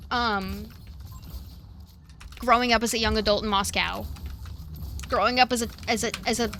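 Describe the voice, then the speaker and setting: A woman's voice: fairly high pitch, sharp tone, a little hiss or hum. A young woman streamer talking casually and emotionally about her family, with many fillers and restarts. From family from Russia and Ukraine.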